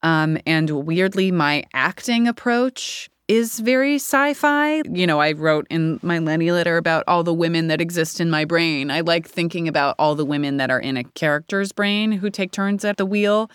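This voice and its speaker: Brief: woman, 30s, low smooth voice, candid rambling interview guest. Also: normal speed, few pauses, no echo, clean studio sound. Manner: candid, rambling, laughs often. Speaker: actor guest. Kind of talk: casual interview chat.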